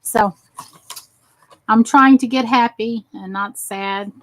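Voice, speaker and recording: A woman's voice: on the high side, takes it slowly, rough recording. An exhausted woman chatting casually as she works on crafts for her channel, rambling and talking to herself as she goes. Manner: rambling, talks to herself while working.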